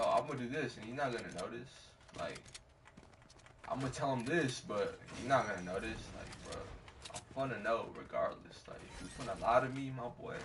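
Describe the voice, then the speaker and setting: A man's voice: medium pitch, background noise. A man streaming a game while telling a story in a casual way. He rambles, swears a lot and fills his talk with slang. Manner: rambling, slangy and profane, with many fillers. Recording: distant mic with clear background ambience.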